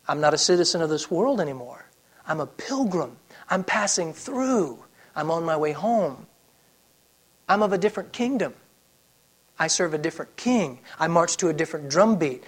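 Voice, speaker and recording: A man's voice: on the high side, expressive, moderate pace, breathy edge. Man preaching a sermon with big dynamic swings. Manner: preaching with swings from loud emphasis to soft, hushed lines; conversational asides with fillers and restarts. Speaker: pastor.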